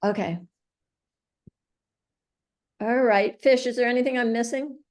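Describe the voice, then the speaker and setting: A woman's voice: fairly high pitch, measured pace. A woman hosting an online class over a video call, encouraging others and moving the session along. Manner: encouraging, with steady backchannel. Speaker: class host.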